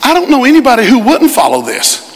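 A middle-aged male pastor preaching a sermon in a church, animated and shouting at times. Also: very high voice, quick pace. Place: church sanctuary. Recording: live church recording with hall reverb.

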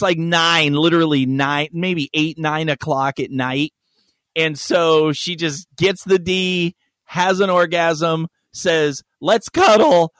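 Male podcast co-host, bright ringing voice, rambling storyteller who jokes around and laughs a lot. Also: fairly high pitch, no echo. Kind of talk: casual chat.

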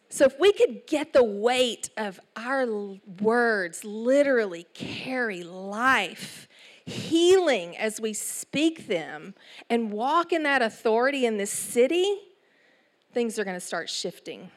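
A middle-aged woman with an East Texas accent, preaching a sermon in an animated storytelling way with asides. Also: a little high, slow pace. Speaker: church speaker.

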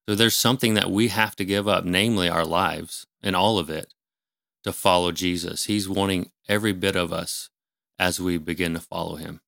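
A man in a small studio room, giving a measured, explanatory talk on scripture in casual conversation, with fillers and restarts. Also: low-pitched, fairly even intonation, creaky, fairly bright tone, dry recording. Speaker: ministry leader and guest.

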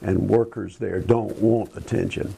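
Older male Christian talk host, deep gravelly husky voice, halting, earnest and preachy delivery. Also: fairly even intonation, mellow. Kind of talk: casual talk about current events.

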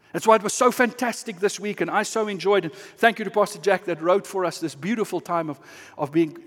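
High-voiced male pastor in a reverberant hall. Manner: earnest, building from hushed to impassioned. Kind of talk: sermon.

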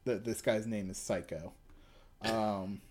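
A man's voice: lowish voice, fairly even intonation, takes it slowly, a little mellow, a little hiss or hum. A young man co-hosting a podcast, chatting casually and reading a manga aloud with lots of fillers. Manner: rambling, with many fillers. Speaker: podcast co-host.

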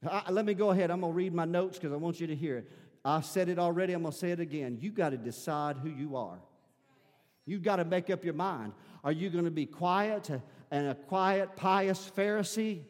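High-voiced preaching man in a reverberant hall. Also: fairly quick. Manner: preaching, swelling into loud shouting at climaxes. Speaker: pastor. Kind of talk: sermon.

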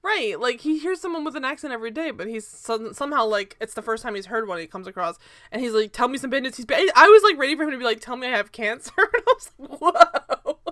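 A young woman with a bright, fairly high voice, chatting casually on a podcast. She rambles, laughs easily and goes off on tangents as she recaps a sitcom. The recording is dry and close. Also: fast talker, no room sound. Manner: animated, laughing, rambling with digressions. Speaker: podcast co-host.

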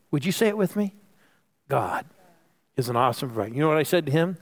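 In a slightly high, sing-song voice and at a somewhat quick pace, a pastor preaches with lots of energy. He prompts the congregation to answer him, sometimes dropping to a whisper to stress a point.

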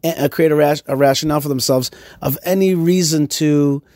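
Animated man hosting a talk show. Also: fairly high pitch, moderate pace, dry recording. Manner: animated storyteller, many restarts. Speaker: host. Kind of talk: casual podcast conversation.

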